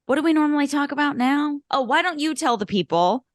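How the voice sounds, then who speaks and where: A woman's voice: sits high, animated, a little fast, no room sound, studio quality. A woman in her thirties co-hosting a film podcast, chatting casually with many fillers and self-mocking asides. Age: 30s. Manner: rambling, self-deprecating, lots of fillers. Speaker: podcast co-host. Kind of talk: casual chat.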